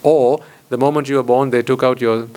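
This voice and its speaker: Monk, male, mid-pitched, rhetorical teaching talk with repeated phrases. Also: fairly even intonation, a little fast, a little mellow. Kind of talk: dharma talk to lay audience. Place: hall with board.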